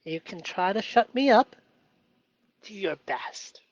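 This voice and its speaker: A man hosting a live stream, talking through his feelings in an earnest, halting way with many fillers. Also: high-pitched, expressive, lo-fi sound. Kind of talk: emotional self-reflective live stream.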